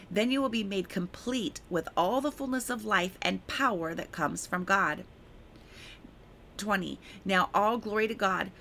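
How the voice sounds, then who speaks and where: Gravelly fervent woman preacher. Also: mid-range voice, sharp tone, slight background noise. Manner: emphatic and repetitive, fervent; chatty and informal in her own remarks. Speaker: podcast host sharing prophetic words. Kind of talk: reading a prophetic word, then devotional talk.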